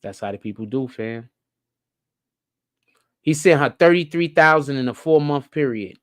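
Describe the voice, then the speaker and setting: Lively, profane live-stream commentator. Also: moderate pace, no echo, studio quality. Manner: rhetorical, keeps asking questions, profane slang; drifts between low mutters and excited high-pitched stretches.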